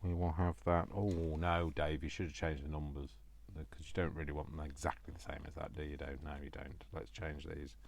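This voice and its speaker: A man's voice: a bass voice, little pitch movement, a little fast, gravelly, a little hiss or hum. A man hosting a crafting video, rambling and joking at his own expense while he works, often talking to himself. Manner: rambling, self-mocking, talks to himself. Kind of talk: casual crafting chat while working.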